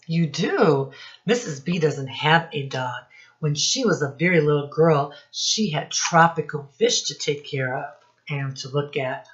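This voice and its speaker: A woman teacher reading a picture book aloud to young children, asking them questions in a slow, sing-song teacherly way. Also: low-pitched, expressive, dull audio.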